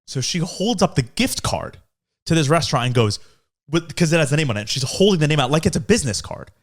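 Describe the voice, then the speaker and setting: Young man, podcast co-host, casual storytelling, slightly high voice, lively swings in pitch. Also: quick pace. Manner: animated retelling, acts out quoted voices.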